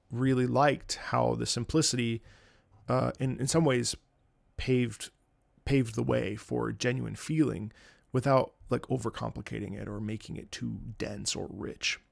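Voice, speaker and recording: A man talks on a live stream in a tired, reflective voice. His delivery rambles and restarts. There is a gravelly edge to it, and the sound is dry and close. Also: mid-range voice, no room sound. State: tired voice from travel. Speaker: streamer reacting to game music. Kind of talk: casual live-stream commentary.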